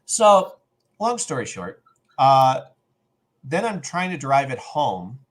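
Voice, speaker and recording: Animated man telling a story. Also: mid-range voice, slow pace. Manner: animated, acts out other people's lines in the story. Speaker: podcast co-host. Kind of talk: casual storytelling.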